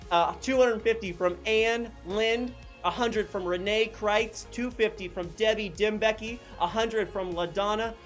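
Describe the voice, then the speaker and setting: Man, high voice, fundraising host, excited, shouting donor names, faint music behind. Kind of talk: live fundraising appeal.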